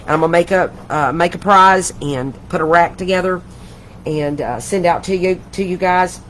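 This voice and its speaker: On a home craft livestream, an older woman chats at a moderate pace, rambling and gushing fondly. Her voice is fairly low and a bit bright, and the poor-quality audio has some hiss or hum.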